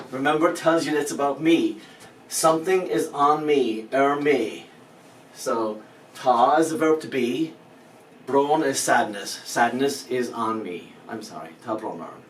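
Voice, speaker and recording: A male language teacher explaining pronunciation step by step, patient and lightly joking. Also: mid-range voice. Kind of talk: spoken language lesson. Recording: roomy echo, mic at a distance, faint background noise.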